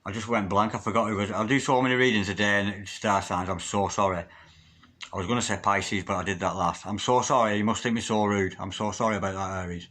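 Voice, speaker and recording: A man's voice: lowish voice, steady tone, quick pace, a bit bright. A man giving a solo tarot reading, effusive and emotional, often repeating chanted invocations. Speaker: tarot reader.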